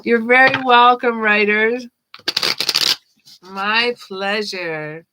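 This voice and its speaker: A woman's voice: fairly high pitch, very slow, heavy background noise. A woman giving live-stream tarot readings, chatting casually with viewers, thanking them by name and laughing often. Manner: chatty, reads chat names aloud, laughs often. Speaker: tarot reader.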